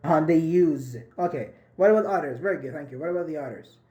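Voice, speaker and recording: A man's voice: fairly high pitch, fast talker, a crowd in the background. A man teaching a live online English grammar class over a video call, encouraging his students and repeating and rephrasing each point.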